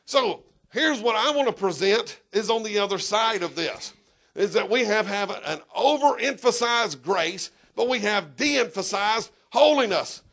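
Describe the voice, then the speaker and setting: A pastor preaching to his church, his voice high and gravelly. He is emphatic, swings into sudden shouts, and talks straight to the people in the pews. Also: animated, measured pace. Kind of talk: sermon.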